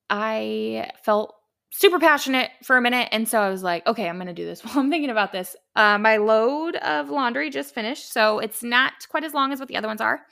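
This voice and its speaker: A woman's voice: fairly high pitch, gravelly, sharp tone. A young woman hosting her own podcast, talking casually in a chatty, rambling way with lots of "like" and "um". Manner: chatty and rambling, many "like" and "um" fillers. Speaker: podcast host. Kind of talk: casual solo podcast monologue.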